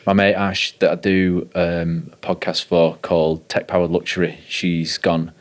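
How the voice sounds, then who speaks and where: A man's voice: deep voice, flat delivery, unhurried. A man hosting a podcast, chatty and casual, swearing freely and using slang. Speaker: podcast host. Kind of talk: casual interview chat.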